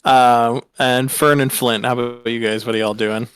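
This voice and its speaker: A man's voice: medium pitch, level tone, normal speed, a bit bright, smooth. A man running a tabletop game, easygoing, asking players what they do. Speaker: game master.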